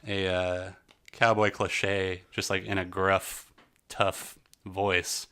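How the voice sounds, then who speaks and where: Casting: male podcast co-host, low-ish bright voice, rambling banter. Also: slow, smooth. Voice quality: jokey, rambling, animated. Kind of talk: casual chat.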